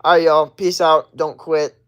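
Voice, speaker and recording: A man's voice: flat delivery, unhurried, clean tone, highs cut off. Blunt, profane man ranting on a livestream. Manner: blunt and profane, rambling with restarts; acts out other people's lines in a higher voice. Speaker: livestream host. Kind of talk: casual livestream rant.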